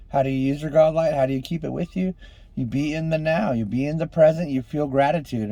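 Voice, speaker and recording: A man giving an impassioned motivational monologue, swinging between loud exhortation and hushed intensity, calling on the listeners as ladies and gentlemen. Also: medium pitch, no room sound. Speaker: street preacher-style motivational speaker.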